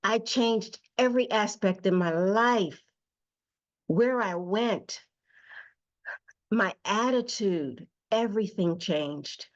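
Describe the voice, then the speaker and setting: A woman hosting her own show, telling a personal story slowly and emotionally with emphatic repetition. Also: mid-range voice, muffled recording. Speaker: host. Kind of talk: personal testimony monologue.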